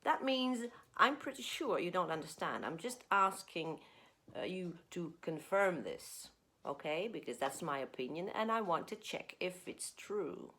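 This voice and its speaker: A woman with a lowish voice teaches an online English lesson, speaking a little slowly and stretching out her words. She plays expressively with intonation, letting her voice rise and fall widely as she demonstrates it, and keeps checking in with her students by asking "okay?"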